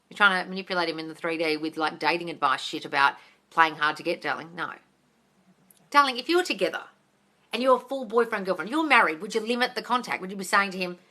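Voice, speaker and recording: Woman coach on a phone live Q&A: low-ish, bright, forceful voice, blunt and sweary, says darling a lot. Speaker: manifesting coach. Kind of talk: live-stream Q&A.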